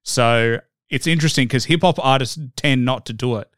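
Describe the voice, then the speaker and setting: An Australian man hosts a casual podcast interview in a smooth, clear voice at a middle pitch. The sound is close and dry, and he rambles cheerfully with plenty of fillers. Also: normal speed, fairly bright tone, dry recording. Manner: upbeat, rambling with many fillers. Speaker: podcast host.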